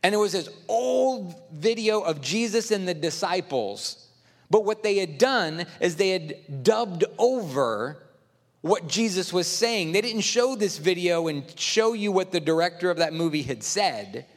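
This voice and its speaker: A man's voice: high-pitched, expressive, unhurried, big-room sound. A male pastor preaching a sermon, telling stories emphatically and quoting his own words, in a church sanctuary. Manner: emphatic storytelling, quoting himself.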